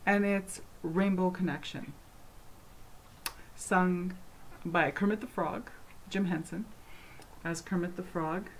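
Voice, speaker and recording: A woman with a fairly low voice chats casually to camera from her home, answering viewer questions. She rambles through fillers and restarts, turning animated and passionate as she goes. A faint hiss sits underneath. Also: slow pace, pauses often. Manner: animated and passionate when speaking. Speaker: vlogger answering fan questions. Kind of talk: casual chat.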